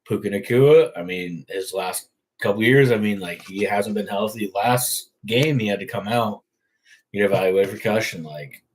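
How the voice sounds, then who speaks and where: A man's voice: on the low side, moderate pace, slightly rough, poor audio. A young man hosting a casual sports talk show, rambling and swearing freely. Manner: profane, rambling. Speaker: host.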